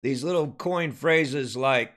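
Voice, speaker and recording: A man preaching a dramatic sermon, hammering questions at his listeners and then sinking to a low, grave tone. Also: takes it slowly, fairly bright tone. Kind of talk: impassioned sermon commentary.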